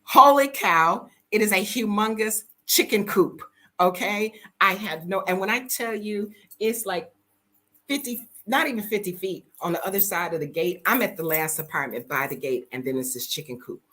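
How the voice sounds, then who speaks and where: A woman chatting casually to her viewers, telling animated stories with jokes and sudden high-pitched exclamations. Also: normal speed. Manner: colloquial, joking, talks to viewers as y'all. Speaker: travel vlogger. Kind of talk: casual chat to camera.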